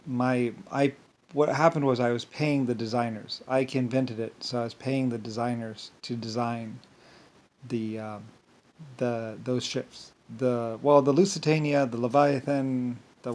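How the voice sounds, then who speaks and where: A man talking in a rambling monologue, halting and restarting often, full of filler words, dropping to mumbles and then jumping into loud bursts. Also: medium pitch. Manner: swings between mumbling and sudden loud bursts. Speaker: self-styled storyteller.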